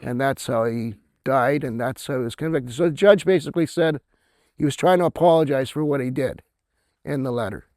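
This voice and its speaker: A man's voice: mid-range voice, fairly quick, darkish tone, dry recording. A middle-aged man telling a story at a convention, with lots of "right?" and laughs at his own tale. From Canada. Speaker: author speaking at a convention. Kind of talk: casual storytelling talk.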